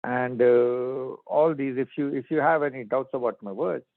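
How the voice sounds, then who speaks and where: A man gives a spiritual talk in short, halting phrases at a middling pitch. His voice comes through a narrow, phone-like line that sounds dry and close, with no room around it. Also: dry recording. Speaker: spiritual teacher.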